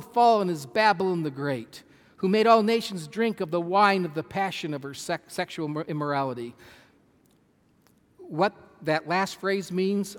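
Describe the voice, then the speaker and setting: A man preaches a sermon in a slightly higher register than most men. He teaches earnestly and emphatically and puts questions to his listeners. His voice carries a long reverb that lingers in the hall. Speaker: preacher teaching a Bible study.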